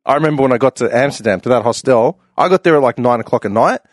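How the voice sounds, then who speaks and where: A man telling a long, animated travel story in casual chat, slangy and swearing freely. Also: mid-range voice, fast talker, no echo, studio quality.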